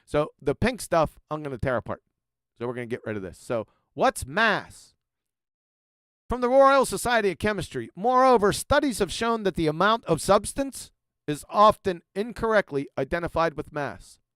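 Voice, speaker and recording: A man hosting a commentary video, reading quotes aloud with emphasis and then making sarcastic, mocking asides, often dropping to a low mutter. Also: lively intonation, normal speed, a bit bright, smooth, no echo, clean studio sound. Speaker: channel host. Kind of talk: commentary over quoted slides.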